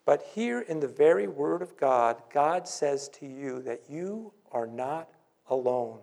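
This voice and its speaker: A male pastor preaching a sermon in church, earnest, with dramatic pauses and scripture read aloud. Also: mid-range voice, lively intonation, creaky, a little mellow.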